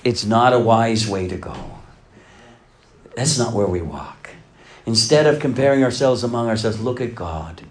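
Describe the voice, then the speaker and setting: A middle-aged pastor preaching a sermon, dropping to hushed lines and then swelling to loud, emphatic passages. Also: male voice, mid-range voice, expressive, a little slow.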